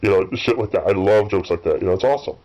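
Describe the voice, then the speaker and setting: Deep-voiced man rambling profanely. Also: very fast, dark tone, highs cut off. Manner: profane, rambling, full of fillers and restarts. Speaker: gaming channel host. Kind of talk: rambling off-the-cuff commentary while playing a game.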